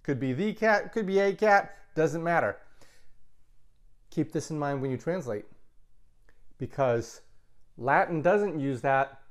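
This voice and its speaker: A man teaching a Latin grammar lesson, explaining step by step and repeating key words slowly. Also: on the high side. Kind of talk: recorded classroom lecture.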